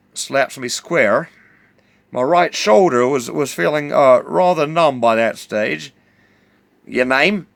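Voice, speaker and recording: A man's voice: medium pitch, gravelly, no echo. A man with a New Zealand accent telling a rambling, drawling yarn full of fillers and self-corrections. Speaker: storyteller.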